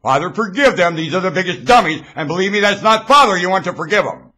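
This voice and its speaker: A man at home rambles into his webcam mic, speaking expressively and quickly, swinging between low mutters and sudden shouts.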